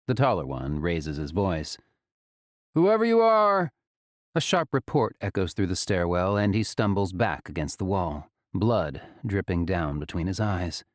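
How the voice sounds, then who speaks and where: A man narrating an audiobook with a dramatic, expressive delivery. His voice sits low but moves around a lot, and the recording is dry and close with no room sound. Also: dry recording.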